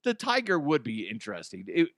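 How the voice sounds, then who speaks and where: A man's voice: mid-range voice, huge pitch swings, fairly quick, fairly bright tone, dry recording, clean studio sound. A man hosting a comedic news chat, joking, swearing freely and acting out silly voices. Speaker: host.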